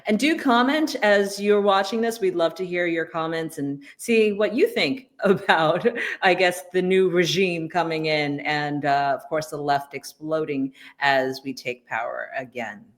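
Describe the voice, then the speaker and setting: A middle-aged woman co-hosting a political talk show, telling stories in an animated, sarcastic way. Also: deep voice, unhurried. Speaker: co-host. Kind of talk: casual political chat.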